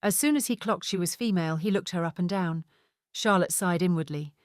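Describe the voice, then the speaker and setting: A woman reading a novel aloud as an audiobook narrator, in an even, measured way. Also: lowish voice, no room sound, clean studio sound. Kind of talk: scripted narration.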